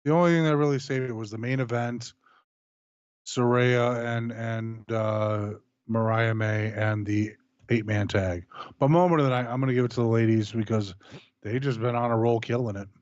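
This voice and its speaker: A man's voice: mid-range voice, steady tone, moderate pace, clean tone. A man co-hosting a casual review show in a mid-range voice, frank and repetitive when he makes a point. His sound is somewhat dull and lo-fi. It stays dry and close, with no room echo. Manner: frank, repeats himself, swears. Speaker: co-host of a wrestling review show. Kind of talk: casual chat.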